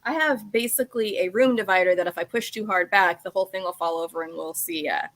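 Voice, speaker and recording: A woman hosting a podcast over a video call from home, chatting playfully and telling animated stories. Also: fairly low pitch, quick pace. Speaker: podcast host. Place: home room with a room divider behind.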